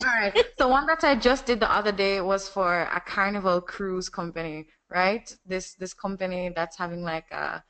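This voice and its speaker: A woman's voice: medium pitch, clear, resonant tone. Chatty Jamaican woman voice artist. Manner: animated, quick chatty explanations. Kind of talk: casual conversation.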